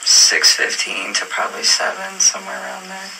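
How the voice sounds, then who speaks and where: A woman speaks hesitantly in a police interview, with a gravelly edge and a sharp, tense tone. She is picked up by a distant room mic, with faint noise underneath. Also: medium pitch, sing-song, normal speed. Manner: hesitant, many fillers and restarts. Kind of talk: police interview, recounting events.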